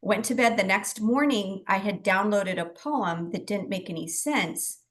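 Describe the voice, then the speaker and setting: A woman's voice: medium pitch, a little slow. Chatty, laughing woman medium telling her story. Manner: animated, chatty, laughs often, acts out her own past words. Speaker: guest psychic medium. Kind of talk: casual storytelling in a talk show interview.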